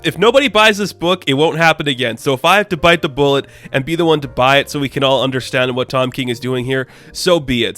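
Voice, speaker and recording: A man's voice: medium pitch, fairly bright tone. A man reviewing a comic book in a casual, sarcastic and exasperated rant, addressing his viewers directly.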